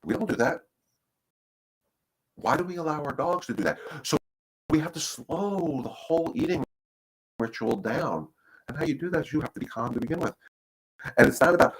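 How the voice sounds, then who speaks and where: A man's voice: medium pitch, animated, a little fast, long pauses, breathy edge, low-quality recording. A middle-aged man, a dog trainer, giving casual advice in a rambling way, often repeating words as he talks. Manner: rambling, repeats words, acts out quoted voices. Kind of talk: casual livestream advice talk.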